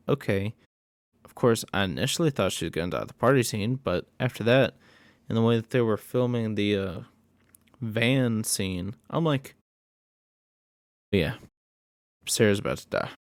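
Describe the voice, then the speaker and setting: A man's voice: fairly low pitch, no echo, studio quality. A man giving a casual, rambling, profane recap of a horror movie plot. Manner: rambling, profane, animated storytelling.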